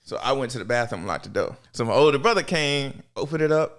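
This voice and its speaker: A young man, a podcast host, telling a story in casual talk and jumping into high voices for the people he quotes. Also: expressive, quick pace, hardly any pauses.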